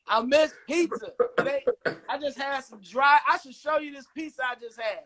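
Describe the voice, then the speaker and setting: A man from Chicago talking on a video call in a casual, animated, joking way and swearing freely. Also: extremely high pitch, normal speed, over a noisy crowd. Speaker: guest musician.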